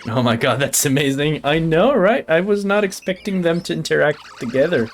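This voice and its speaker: A man streaming a game, excitable and casual, swearing, stammering and humming to himself. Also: fairly high pitch, fairly quick, slight background noise. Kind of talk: casual let's-play commentary. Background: faint game music.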